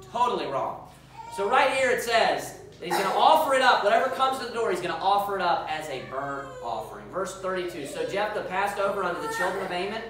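A man preaching as a pastor, reading scripture aloud and putting questions to the congregation in an emphatic way. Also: high voice. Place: church sanctuary. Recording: echoey church hall, mic far off.

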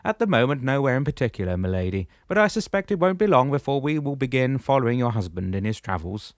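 A man's voice: medium pitch, sing-song, quick pace, dry recording, clean studio sound, pitched above the performer's own voice, natural voice. A man voicing a patient old shepherd sage. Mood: calm explaining. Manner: patient, explaining, gently lecturing. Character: wise calm old male shepherd spirit.

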